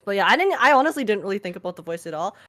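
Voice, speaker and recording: A woman guest in a casual podcast chat, easygoing and quick to laugh. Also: medium pitch, very animated, bright, forceful tone. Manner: giggly and easygoing.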